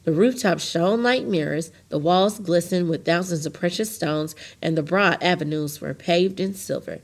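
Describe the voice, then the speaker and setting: A woman reads a children's novel aloud in a steady, plain storytelling voice, a little low in pitch. She makes the odd small slip and corrects herself as she goes. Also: normal speed. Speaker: teacher reading to a class. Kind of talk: reading a novel chapter aloud.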